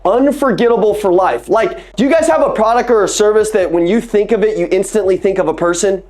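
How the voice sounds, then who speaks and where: A man giving an energetic sales training talk on a video call. He speaks in a casual, emphatic way, repeats key phrases and calls the audience "guys". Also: sits high, fast.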